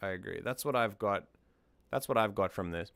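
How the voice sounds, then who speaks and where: A man's voice: lowish voice, fairly quick, gravelly, fairly bright tone, no echo, clean studio sound. A man hosting a music analysis stream, talking things through in a thoughtful, casual way and often repeating words as he thinks.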